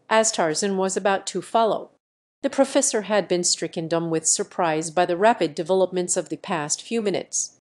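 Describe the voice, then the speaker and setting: A computer-made woman's voice reads a novel aloud at a mid pitch. The delivery is steady and even, with the neat pacing of scripted audiobook narration. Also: moderate pace. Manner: steady synthetic reading voice.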